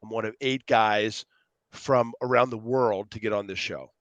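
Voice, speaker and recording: A man as a podcast guest telling stories in a rambling, animated way, acting out dialogue and jumping between tangents. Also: fairly low pitch, normal speed, dry recording, highs cut off. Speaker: podcast guest, youth speaker. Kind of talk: casual storytelling interview.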